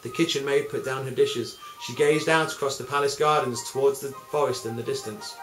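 A man, a music teacher, telling a story in a calm, measured way. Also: medium pitch. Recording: roomy, with music behind.

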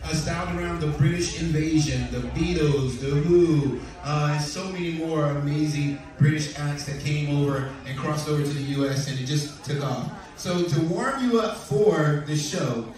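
Cruise director, male, upbeat and joking, fairly high voice, heard far off through a booming hall PA over a lively crowd. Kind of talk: live stage hosting with audience trivia. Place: large ship theater stage. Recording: distant, echoey theater PA recording. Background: audience crowd reacting.

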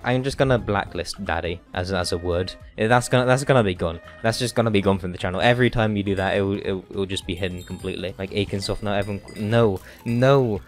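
A man in a slightly low voice, talking casually to his chat as he plays. He jokes and whines in an over-the-top, mock-dramatic way. Faint music plays behind him. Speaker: game streamer. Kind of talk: casual live-stream chat while gaming.

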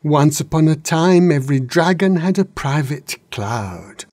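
A man's voice: fairly high pitch, animated, a little mellow, no echo, clean studio sound, voice pushed up. A man voicing an ancient, wise old dragon who drones and grumbles in a storybook reading. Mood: grumbling. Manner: droning, slow.

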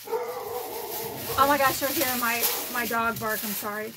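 A middle-aged woman chatting excitedly at home as she unboxes a collectible bag, gasping and gushing. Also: a little high, measured pace, heavy background noise. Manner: gushing, gasping, repeats "oh my" exclamations. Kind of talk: excited unboxing vlog chat. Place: home, dogs barking nearby.

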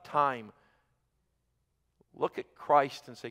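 A man preaching a sermon as pastor, moving between quiet, intimate passages and loud, emphatic ones. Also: fairly high pitch, expressive, normal speed, big-room sound. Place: church sanctuary.

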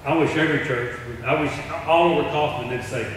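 A middle-aged preacher speaks fairly quickly in a slightly high voice, narrating stories and performing the voices of the people in them. The sermon was recorded from a distance in a big, reverberant church hall, with background noise present.

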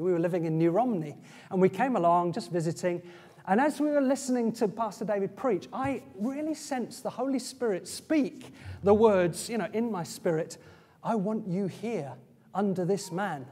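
Guy preaching in a church, fairly high voice, chatty and off the cuff, lots of hall echo. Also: warm tone. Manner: conversational preaching with asides and restarts. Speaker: pastor. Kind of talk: sermon. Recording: church hall with long reverb.

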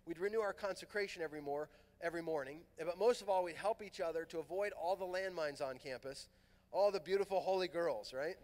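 A middle-aged man from Southern California telling a lively personal story at a youth conference, acting out the voices in his dialogue. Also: fairly high pitch, a little fast. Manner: animated, acts out quoted dialogue. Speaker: priest and conference speaker. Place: large fieldhouse hall. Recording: long hall reverb.

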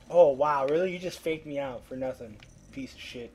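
A man's voice: medium pitch, normal speed, a little mellow, a little hiss or hum. A man giving casual let's-play commentary, swearing and trash-talking the fish as he pleads with them to bite. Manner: profane, trash-talks the fish; coaxing and pleading, then frustrated. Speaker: gameplay commentator.

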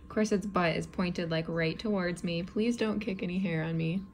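A woman keeper talking casually in a vlog, chatty and soft-spoken, cooing to her pet spider. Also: lowish voice, normal speed, a little hiss or hum. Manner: chatty, talks softly and coos to the spider. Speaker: tarantula keeper.

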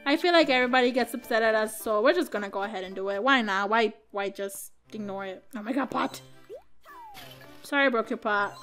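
A woman's voice: a little high, brisk, fairly bright tone, smooth, faint music behind. A woman hosting a game let's-play, chatting in a jokey, self-mocking way. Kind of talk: casual game commentary.

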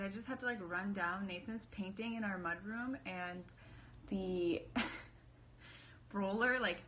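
A woman's voice: mid-range voice, sharp tone, slight background noise. A young woman vlogging casually as she unboxes a camera, bubbly and chatty, full of fillers and self-deprecating asides.

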